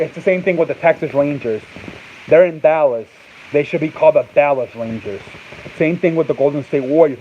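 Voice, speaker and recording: A man's voice: mid-range voice, a little hiss or hum. Rambling man talking sports, muffled. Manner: rambling, repeats himself, restarts often; answers off-mic chat and reads live comments. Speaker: sports talk show host. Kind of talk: casual sports chat.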